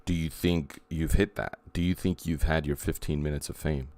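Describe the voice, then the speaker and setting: A man's voice: rumbling low, fairly even intonation, normal speed, darkish tone, no echo. A man co-hosting a podcast in casual chat, wry and teasing. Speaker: podcast co-host.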